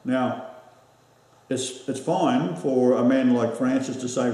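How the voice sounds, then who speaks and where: Australian male host, mellow voice, rambling with lots of fillers, set back from the mic in a very echoey room. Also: mid-range voice, distant mic. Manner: rambling, halting with many fillers. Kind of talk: casual chat.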